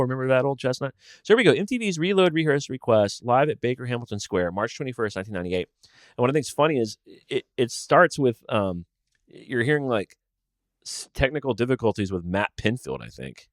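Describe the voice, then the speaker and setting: A man's voice: medium pitch, lively intonation, fairly quick, no room sound, clean studio sound. A man hosting a solo podcast, chatting casually and rambling as he thinks aloud. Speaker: podcast host.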